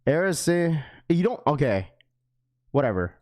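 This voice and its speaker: A young man livestreaming to his chat in a casual, slangy way, getting excited and repeating himself. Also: a little high, measured pace. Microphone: webcam setup.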